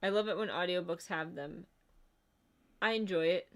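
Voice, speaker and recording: A woman's voice: fairly low pitch, normal speed. A woman co-hosting a livestream in casual chat, rambling with lots of fillers and reading out chat comments. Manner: chatty, rambling, says "like" a lot. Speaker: co-host of a livestream.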